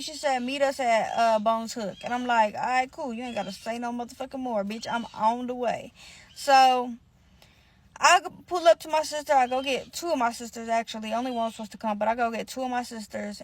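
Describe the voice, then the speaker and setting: A young woman telling a story in a casual monologue, full of profanity, acting out what each person said with lively, animated delivery. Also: a little high. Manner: animated, profane, acts out quotes.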